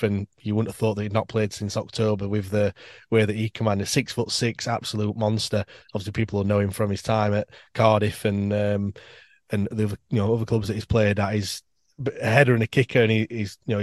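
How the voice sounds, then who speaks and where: Male interview guest, low-pitched, dry close sound; chatty, upbeat fan talking in long runs. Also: darkish tone, dry recording. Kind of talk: casual interview chat.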